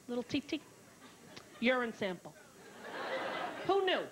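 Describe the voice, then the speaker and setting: Brash high-voiced woman comic. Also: sing-song, fairly quick, long pauses, noisy background. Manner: brash storytelling, putting on voices for the people in her stories. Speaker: stand-up comedian. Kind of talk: stand-up comedy. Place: theater stage before a live audience. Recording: 1990s televised special with clear room ambience.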